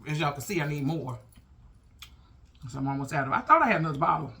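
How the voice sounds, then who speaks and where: A man with a fairly high voice talks casually to his viewers between bites. He chats and tells stories while he eats. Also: expressive, quick pace, gravelly, bright, forceful tone. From Chicago. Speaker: mukbang vlogger. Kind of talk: casual mukbang chat.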